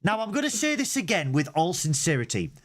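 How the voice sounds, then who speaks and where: A man's voice: high-pitched, huge pitch swings, fairly quick. A man co-hosting a casual review show. He sounds exasperated and theatrical, and swears freely. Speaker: podcast co-host.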